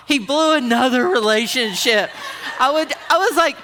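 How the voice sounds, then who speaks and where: A woman's voice: high-pitched, moderate pace, sharp tone. A woman giving a conversational, humorous sermon at a women's conference, often asking the audience questions. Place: church auditorium.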